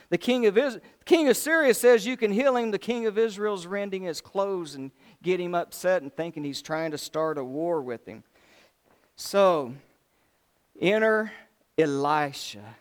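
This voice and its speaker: A man preaching a sermon, telling the story in a folksy, animated way with voiced asides. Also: a little high.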